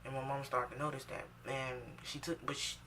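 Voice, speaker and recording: A woman telling a personal story for her vlog, animated and emphatic, swinging between loud outbursts and hushed asides. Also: a bass voice, brisk, recorded from a distance, background noise. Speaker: vlogger.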